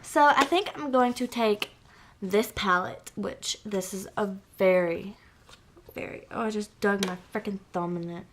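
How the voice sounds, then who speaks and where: A woman's voice: mid-range voice, unhurried, a bit bright, slight background noise. A young woman vlogger talking casually through her makeup routine, chatty and gushing, with lots of fillers. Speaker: beauty vlogger. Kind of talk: casual makeup tutorial chat.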